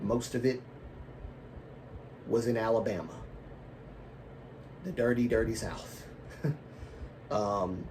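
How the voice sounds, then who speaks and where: Guy rambling on a live stream, low voice, keeps correcting himself, still has a cough, mic kinda far off. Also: a little mellow, a little hiss or hum. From American South and Baltimore. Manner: rambling, self-correcting, laughs at own remarks. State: lingering cough. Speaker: livestream host. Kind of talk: casual live-stream chat.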